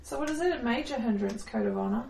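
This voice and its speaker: A woman's voice: on the high side, lively intonation, creaky, darkish tone. Giggly woman player in a roomy room. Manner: giggly, quick short replies. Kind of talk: casual chat at a game table. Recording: roomy, distant mic with faint noise.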